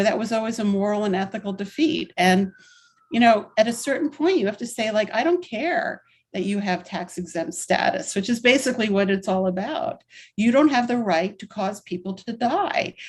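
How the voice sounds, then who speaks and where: A woman in her sixties speaks as a guest in an interview. Her delivery is candid and emphatic, and she strings her thoughts together in long, flowing runs. Her voice sits at a middling pitch for a woman. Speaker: interview guest, activist and writer. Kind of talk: conversational storytelling interview.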